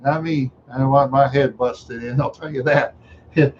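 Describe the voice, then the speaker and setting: A man's voice: mid-range voice, steady tone, moderate pace, a little hiss or hum. Rambling middle-aged man from Minneapolis. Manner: rambling, chuckling, with sound effects. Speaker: live streamer. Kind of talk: rambling storytelling. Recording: dull lo-fi recording.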